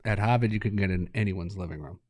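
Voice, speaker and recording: Low-voiced man, laid-back. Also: quick pace, a little mellow, no echo, clean studio sound. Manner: laid-back, rambling, laughs while telling stories. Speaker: hockey coach, guest. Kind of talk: relaxed interview talk.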